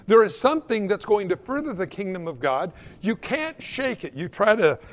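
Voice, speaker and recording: A man preaching a sermon in an emphatic way, swinging between loud peaks and hushed, quiet drops. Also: high voice, big-room sound.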